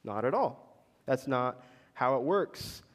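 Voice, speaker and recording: A man's voice: mid-range voice, lively intonation, slow. A man preaching a sermon in a church, talking casually and putting questions to the congregation. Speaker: pastor. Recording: long reverb in a large hall.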